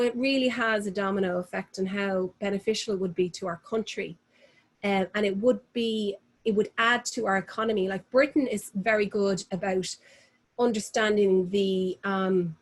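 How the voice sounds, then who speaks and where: A woman's voice: medium pitch, fairly even intonation, moderate pace. An Irish woman, a fashion designer, answering interview questions with passion, often laughing and restarting her sentences. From Ireland.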